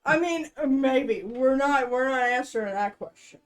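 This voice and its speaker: A woman playing a tabletop role-playing game, joking and quipping and laughing often. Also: high voice. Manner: playful, quick jokes, laughs often. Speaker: player. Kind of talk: tabletop role-play banter.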